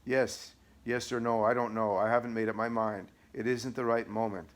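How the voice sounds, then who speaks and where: A man voicing an abusive, taunting male devil in an audiobook, shrill and whining. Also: level tone, moderate pace, natural voice. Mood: evasive. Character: raging taunting male devil possessing a woman. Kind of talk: audiobook reading.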